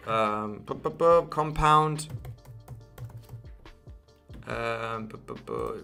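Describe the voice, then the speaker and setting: A man's voice: mid-range voice, sharp tone. A young man from Spain with an English accent picked up from his mother, hosting a live crypto chart stream and answering chat with many fillers and restarts. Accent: English, picked up from an Isle of Man mother. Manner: repetitive, many fillers and restarts, addresses viewers as guys. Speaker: crypto livestream host.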